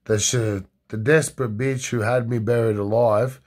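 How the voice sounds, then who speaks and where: A man's voice: medium pitch, steady tone, normal speed, a little mellow, lightly acted. A man doing Carlos, a scheming rich older man.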